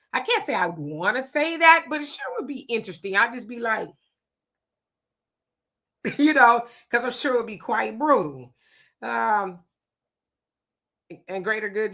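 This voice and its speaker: Bright casual woman livestream host. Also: fairly high pitch. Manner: laughing, playful, reads viewer comments aloud. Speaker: livestream co-host reading chat. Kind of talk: casual chat.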